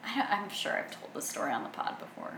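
A woman's voice: medium pitch, wildly swooping pitch, quick pace, vocal fry, fairly bright tone. A young adult woman co-hosting a podcast, chatting casually and animatedly, swearing now and then. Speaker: podcast co-host. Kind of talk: casual chat. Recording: echoey room with faint noise.

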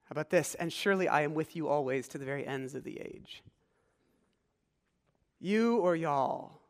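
A pastor from rural Pennsylvania preaches a conversational sermon in a church sanctuary, quizzing the congregation with questions. His voice is fairly high and fast, echoing in a large hall.

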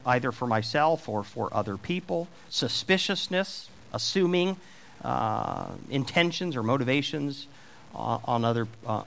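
A man's voice: mid-range voice, creaky, fairly bright tone. A middle-aged man preaching a sermon, taking on God's voice for the scripture questions with rising emphasis.

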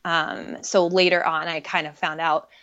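A woman's voice: sits low, flat delivery, measured pace, a bit bright, clean tone, muffled recording. A woman in her thirties, a podcast guest, talking candidly and reflectively about her experiences, with frequent fillers. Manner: earnest, reflective, many fillers. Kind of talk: candid personal conversation.

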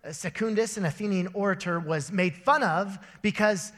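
A young adult man preaching a sermon to his church, telling stories with animated voices. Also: high-pitched, normal speed. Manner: storytelling with animated voices and laughter. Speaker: pastor. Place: church auditorium. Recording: long church hall reverb.

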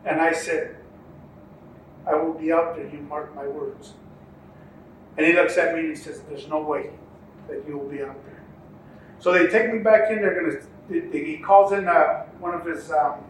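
A man who competes in relay horse racing tells a story during an interview, his fairly high, fairly bright voice broken by frequent ums and restarts as he acts out what other people said. The room is echoey, the mic sits far away, and there's faint ambience plus slight background noise.

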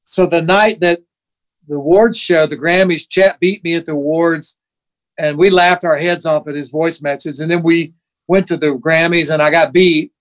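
A man in his sixties, a guest musician, telling sentimental stories in a relaxed chat and briefly acting out the voices of people he quotes. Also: on the high side, moderate pace. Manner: animated anecdotes, acts out quoted voices; emotional, sentimental. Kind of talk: casual storytelling chat.

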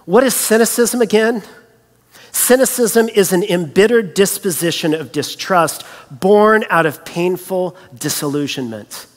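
A man preaching a sermon as a pastor, animated and storytelling, acting out the voices he quotes. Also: high voice, a little slow, long reverb tail.

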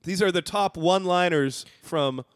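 A man's voice: high-pitched, normal speed, no echo, clean studio sound. A man co-hosting a casual podcast, making wry, teasing remarks. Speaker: podcast co-host. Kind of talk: casual chat.

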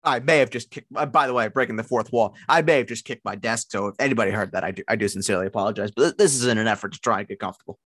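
A man with a New York accent co-hosting a casual sports podcast, blunt and profane, trailing off into low mumbled asides. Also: racing, few pauses, fairly bright tone. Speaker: podcast co-host.

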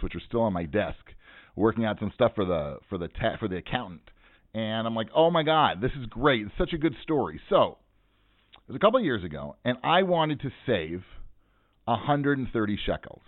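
A man's voice: fairly low pitch, dry recording. A man, a financial advisor and podcast host, telling a story in a casual, joking, self-mocking way. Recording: dry, tinny phone-like sound.

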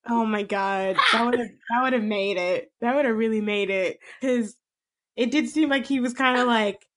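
A woman's voice: on the high side, measured pace, noisy background. A young woman co-hosting a casual chat, reacting with laughter and exclamations. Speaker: podcast co-host.

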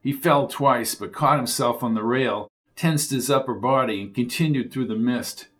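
A man reads a crime thriller aloud, keeping the action moving at a steady pace. His voice sits in a middle register, and his storytelling is plain and driving. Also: medium pitch, moderate pace. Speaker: audiobook narrator. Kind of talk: scripted thriller narration.

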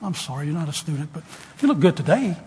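An older man preaches a sermon to students, telling homespun stories and rising to loud emphasis. His voice sits a little high, and it rings with the long reverb of a big hall under a faint hum of room noise. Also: very animated, quick pace.

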